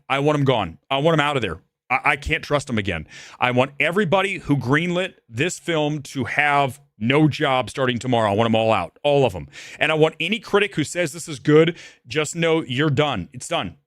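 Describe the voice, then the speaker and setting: A man's voice: medium pitch, fairly bright tone, dry recording. Man, furious film reviewer, ranting and repeating himself, dry close sound. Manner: angry, ranting, repetitive. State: shaking with anger. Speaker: movie reviewer. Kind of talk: live film review rant.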